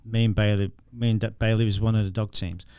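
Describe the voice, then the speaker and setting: A man's voice: fairly low pitch, little pitch movement, fast talker, warm tone, clear, resonant tone, no echo, studio quality. A middle-aged man from England with a Northern English accent, telling anecdotes in a casual podcast interview, laughing and restarting as he goes. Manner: chatty, laughs through anecdotes, lots of restarts. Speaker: guest, former explosive detection dog handler.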